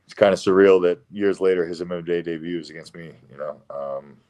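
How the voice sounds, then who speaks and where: A middle-aged man, a professional fighter as interview guest, talking bluntly in a halting way with fillers and some swearing. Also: sits low, a little mellow. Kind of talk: casual interview.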